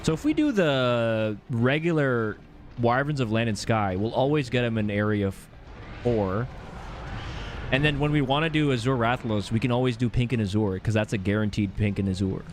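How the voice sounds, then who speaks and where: A man's voice: lowish voice, a little fast, a little hiss or hum. A man streaming a video game live, chatting playfully and joking with his viewers. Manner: playful, joking, reacts to chat. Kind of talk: casual live gameplay commentary.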